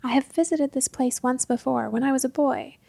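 A woman's voice: high voice, brisk, creaky, dark tone, slightly rough, no echo, full character voice. A woman voicing a plump, tired older father who speaks formally and pleads with his grown son. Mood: weary.

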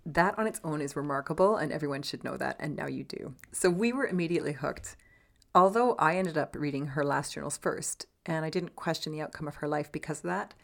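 Low-voiced woman podcast narrator. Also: gravelly. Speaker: podcast co-host.

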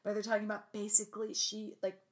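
A young woman co-hosting a casual movie recap podcast, animated and laughing, mimicking lines in exaggerated voices. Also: medium pitch, fast. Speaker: podcast co-host.

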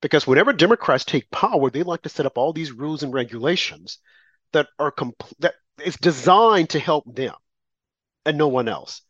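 A man's voice: fairly high pitch, moderate pace, dry recording, muffled recording. A man co-hosting a talk radio show, giving opinionated political commentary in a rambling way with restarts. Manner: rambling, restarts, animated rants.

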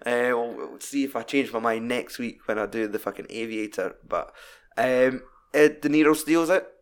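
A Scottish man hosting a podcast, chatting casually about a film with lots of swearing and animated retelling. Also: mid-range voice, moderate pace. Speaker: podcast host. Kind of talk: casual film review chat.

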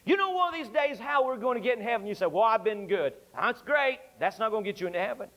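A male pastor delivers an impassioned sermon, repeating his appeals with fervent emphasis. His voice is pitched very high for a man. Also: expressive, fast, a bit bright. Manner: fervent, emphatic, repetitive exhortation.

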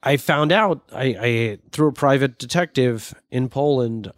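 A man's voice: mid-range voice, no echo. A man, a writer being interviewed, telling stories in a rambling, chatty way and often correcting himself. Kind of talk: casual storytelling interview.

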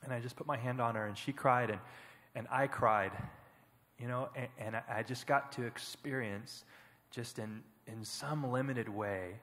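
A man giving an earnest, reflective personal testimony as a panel speaker at church, often pausing and halting. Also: medium pitch, a bit bright, long reverb tail. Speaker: panel speaker, foster parent.

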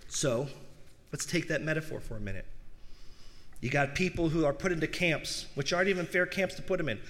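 High-voiced man preaching in a reverberant hall. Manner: rhetorical questions, addresses the congregation; swings between soft low asides and raised emphatic peaks. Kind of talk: sermon.

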